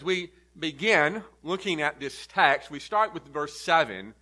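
Bright-voiced pastor preaching emphatically. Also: male voice, a little high, animated, a little slow, hardly any pauses. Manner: earnest, emphatic teaching with repeated stresses. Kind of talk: sermon. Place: church.

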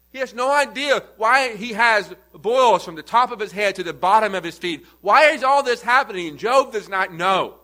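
A man's voice: high-pitched, pushed and bright, poor audio. A man preaching an expository sermon, building to emphatic repeated questions.

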